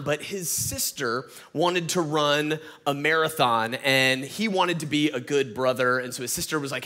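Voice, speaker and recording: A man's voice: on the high side, normal speed, hardly any pauses, sharp tone. A man with a Southern accent from Atlanta, a guest pastor giving a folksy, conversational sermon full of fillers and restarts. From Atlanta, Georgia.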